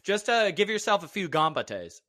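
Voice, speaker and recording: Wry, animated podcast co-host. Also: mid-range voice, normal speed, no echo, clean studio sound. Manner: wry, teasing asides. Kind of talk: casual podcast chat.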